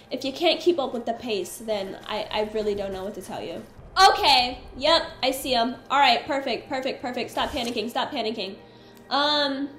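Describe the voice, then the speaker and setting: A woman gaming streamer gives chatty let's-play commentary as she plays, getting exasperated easily and talking to her companion. Her voice is high and a bit bright, with a roomy sound.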